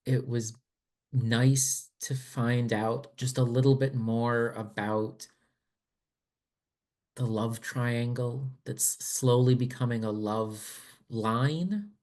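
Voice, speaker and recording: A man giving appreciative feedback to fellow players after a tabletop game session, in a thoughtful, measured way. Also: mid-range voice, steady tone, a little mellow. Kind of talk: casual post-session feedback.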